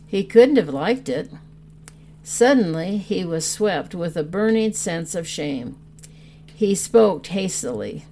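A woman reading a tender story aloud, gently and unhurried. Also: lowish voice, animated, a little hiss or hum. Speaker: story reader.

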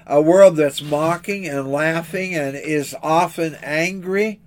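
A man preaching a sermon in an earnest, measured way, asking rhetorical questions. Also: a little high.

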